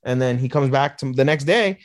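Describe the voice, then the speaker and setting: A man's voice: medium pitch, a little fast, no room sound, clean studio sound. A man co-hosting a podcast, recapping an anime episode in casual chat, acting out the characters' lines with lots of swearing. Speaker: podcast co-host.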